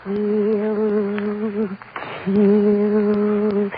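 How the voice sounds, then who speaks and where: A woman voicing a ghostly woman from hell who chants the same word in a slow, flat, eerie drone. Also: mid-range voice, background noise. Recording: tinny old radio recording.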